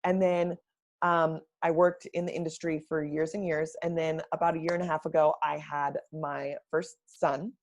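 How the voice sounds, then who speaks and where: A woman who works as a brand strategist, answering interview questions in a measured, explanatory way. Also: sits low, flat delivery. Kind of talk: casual live-stream interview.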